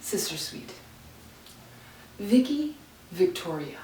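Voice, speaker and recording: Woman poet, dramatic reading, lowish voice, echoey home room, mic set back. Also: measured pace, a little mellow, a little hiss or hum. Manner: dramatic, dynamic reading, drops to near whispers. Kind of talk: poetry reading. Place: her home. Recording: roomy, distant home recording.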